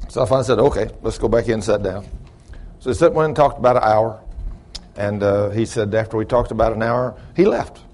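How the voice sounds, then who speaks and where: A man's voice: fairly low pitch, fairly quick. A middle-aged man, preaching and telling a long story in a sermon. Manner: shouts praise, then drops to quiet storytelling. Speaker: pastor.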